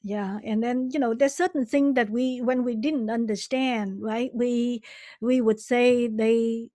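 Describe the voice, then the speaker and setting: Hesitant woman host, somewhat high voice. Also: steady tone, a little slow, warm tone, no room sound, clean studio sound. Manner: hesitant, many fillers. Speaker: podcast host. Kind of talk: casual interview chat.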